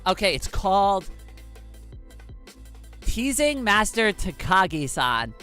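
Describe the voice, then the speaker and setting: Excitable giggly woman streamer. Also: medium pitch, slow pace, clear, resonant tone, soft background music. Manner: excitable, giggly, says "like" a lot. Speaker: live streamer. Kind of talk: casual live-stream chat.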